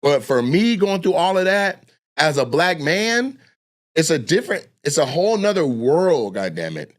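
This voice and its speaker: Young man, slightly higher-pitched voice, profane storyteller who acts out the voices of the people in his stories. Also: big pitch swings, normal speed. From Washington State, USA. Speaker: guest storyteller. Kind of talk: casual storytelling chat.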